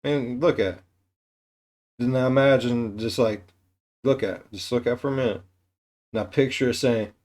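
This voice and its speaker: A man's voice: mid-range voice, fairly even intonation, normal speed, pauses often, darkish tone. A man reacting to a true crime video with blunt, joking commentary and frequent swearing.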